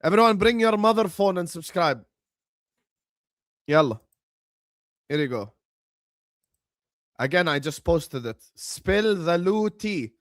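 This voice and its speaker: A man hosting a football watchalong livestream, excitedly chanting and urging viewers to subscribe. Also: a little high, unhurried, long pauses, dry recording, studio quality. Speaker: livestream host. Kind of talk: hyped watchalong livestream chat.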